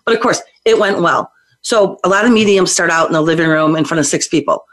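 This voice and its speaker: A woman's voice: lowish voice, fast talker. A woman guest on a talk show, a psychic medium telling her story in a hyper, rowdy, chatty way. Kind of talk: casual talk show interview.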